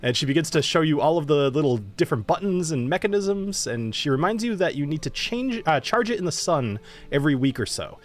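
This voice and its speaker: A man's voice: a little high, very animated, brisk. A man running a live tabletop game as dungeon master, easygoing and chatty, laughing often between narration.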